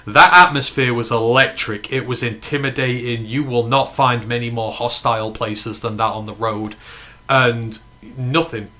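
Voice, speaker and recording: Bright excitable guy hosting a fan stream, emphatic, swears a lot. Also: mid-range voice, normal speed. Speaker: fan podcast host. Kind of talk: casual live watch-along chat.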